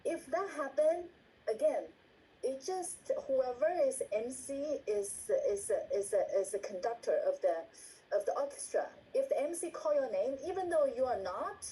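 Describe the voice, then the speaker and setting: Trainer: woman, dark-toned and repetitive, acts out examples, video-call sound with faint hiss. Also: sits high, animated, moderate pace, rough recording. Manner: repeats words, asks "right?" often, acts out example lines. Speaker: meeting trainer. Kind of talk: instructional talk on a video call.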